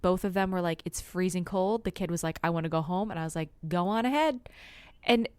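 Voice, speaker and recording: A woman's voice: on the low side, a little fast, clear, resonant tone, no echo. Chatty woman telling home stories. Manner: chatty, laughs often, relaxed storytelling. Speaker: podcast co-host. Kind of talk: casual chat.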